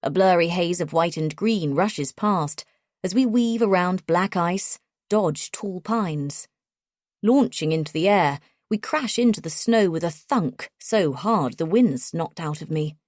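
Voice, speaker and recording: A woman reads a first-person thriller aloud, measured and tense. Her voice sits a bit low, recorded close and dry with no room sound. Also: animated, darkish tone, no echo. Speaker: audiobook narrator.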